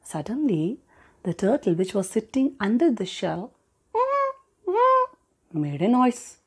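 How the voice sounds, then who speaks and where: Brief: woman storyteller reading a fable to children, warm dark tone, breathy. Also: medium pitch, slow, pauses often. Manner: expressive with sound effects.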